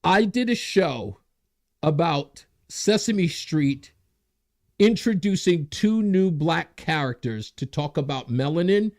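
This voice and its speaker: A man's voice: on the high side, expressive, slow pace, darkish tone. A man hosting a talk show, delivering a monologue, getting worked up, laughing at himself and reading out viewer comments. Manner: reads viewer comments aloud. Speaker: host.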